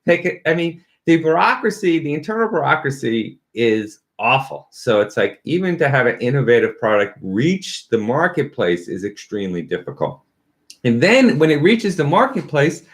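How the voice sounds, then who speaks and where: A man's voice: fairly high pitch, very animated, normal speed. A man giving a casual, sarcastic opinion monologue about a company, laughing at his own points. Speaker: company commentator.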